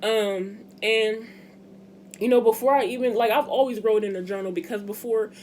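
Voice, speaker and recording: A woman's voice: mid-range voice, fairly even intonation, moderate pace, a little mellow, a little hiss or hum. Chatty young woman. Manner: chatty, emphatic, addresses viewers as y'all. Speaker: vlogger. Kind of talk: casual chat to camera.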